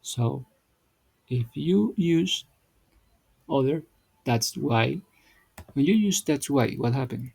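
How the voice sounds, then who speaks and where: A man teaching English, explaining grammar exercises in a halting way, often repeating and restarting words. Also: medium pitch, animated, creaky, darkish tone, breathy edge, dry recording, rough recording.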